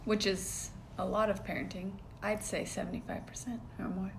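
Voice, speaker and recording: A woman's voice: mid-range voice, flat delivery, normal speed, vocal fry, a little hiss or hum. A woman co-hosting a casual podcast, chiming in with brief, encouraging remarks. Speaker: podcast co-host.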